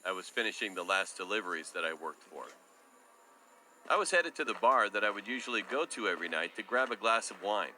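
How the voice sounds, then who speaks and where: Deep, bright-toned man narrating horror. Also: slight background noise. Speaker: story narrator. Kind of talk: scripted first-person horror storytime narration.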